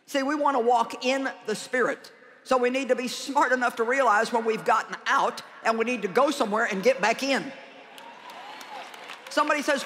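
A woman preaching to a conference crowd in a large hall. Her voice is bright and forceful, and she keeps it lively with jokes and loud call-outs on her key lines. A faint murmur of the audience sits in the background. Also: on the high side, moderate pace, slight background noise. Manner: animated and joking, punching key lines loudly. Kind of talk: conference sermon.

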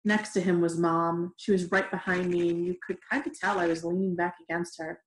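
A woman reading a novel aloud in a steady, gentle way, in an echoey room. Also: lowish voice, brisk. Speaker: reader. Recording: roomy echoey room recording.

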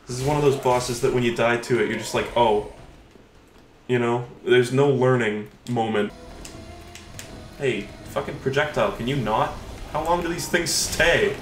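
A sarcastic man streams a game and vents, swearing and shouting at a hard boss. His voice sits mid-range and bounces in a roomy space. Faint music plays under him. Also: mid-range voice. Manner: frustrated, sarcastic and profane, yelling at the game. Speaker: gaming streamer. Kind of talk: live gameplay commentary.

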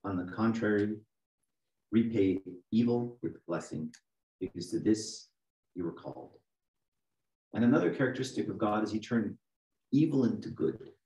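A man's voice: on the low side, expressive, normal speed, pauses often, mellow. A middle-aged man preaching a conversational sermon as archdeacon, often checking in with the congregation. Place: church. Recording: echoey room, mic from a distance.

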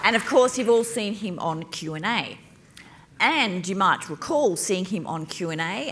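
A woman moderating a university panel on stage, reading out guest bios with playful asides. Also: mid-range voice. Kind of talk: live panel introduction.

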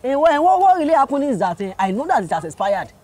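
A man's voice: extremely high pitch, big pitch swings, fast, noisy background. An actor with a Nigerian accent playing an older man motorist who stammers and pleads with a police officer in a comedy skit. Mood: pleading.

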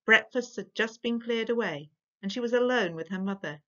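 A woman reading a storybook aloud as storyteller, measured and expressive. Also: on the high side. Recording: dull lo-fi recording.

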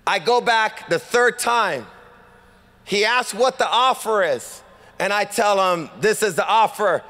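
Californian male pastor, high voice, lively storytelling sermon, reverberant church hall. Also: measured pace. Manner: animated, acts out dialogue, rhetorical calls to congregation. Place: church sanctuary.

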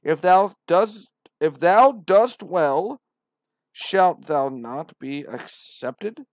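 A man voicing God on high as a solemn, booming male deity who draws out archaic pronouncements. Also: animated, no room sound, studio quality, heavily acted. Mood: grandiose. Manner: slow, drawn-out, archaic pronouncements.

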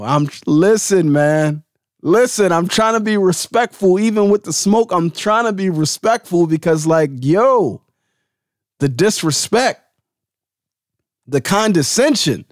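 A man hosting a solo podcast, giving a heated, profane and confrontational rant that now and then drops to a low, calm voice. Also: no echo, clean studio sound. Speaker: host.

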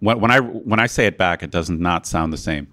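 A man's voice: low voice, lively intonation, very fast, a crowd in the background. An American man hosting a podcast, acting as an eager and agreeable learner in a casual lesson. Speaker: podcast host and language learner.

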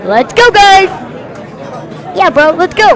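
A woman's voice: very high-pitched, very animated, slow, heavily acted. A woman playing a caring, worried dad to a family of puppies in a game roleplay, reassuring and fussing over them. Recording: game music and crowd noise behind.

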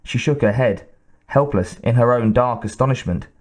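A man narrates an audiobook in a measured, steady manner, building tension without rushing. His voice sits at a middling pitch, calm and even.

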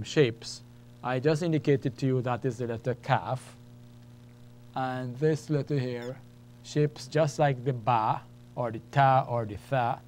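Patiently walking beginners through an Arabic lesson, this teacher explains and repeats each point one step at a time. His mid-range voice is a little mellow, and some hiss or hum is audible.

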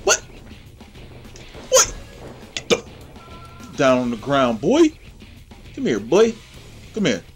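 A man hosting his own gameplay channel, giving excitable, trash-talking play-by-play commentary. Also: medium pitch, takes it slowly, long pauses, breathy edge, soft background music.

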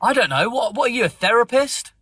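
A man's voice: extremely high pitch, animated, a little fast, a bit bright, husky, dry recording. A man hosting a phone-in live stream, arguing back with theatrical mock outrage. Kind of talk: casual debate.

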